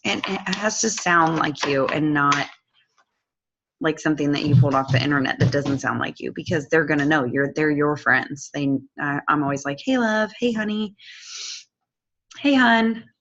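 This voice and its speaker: A woman's voice: low voice, steady tone, normal speed, fairly bright tone, lo-fi sound, a little hiss or hum. A woman walking viewers through a casual screen-share tutorial, chatty and affectionate with loose fillers.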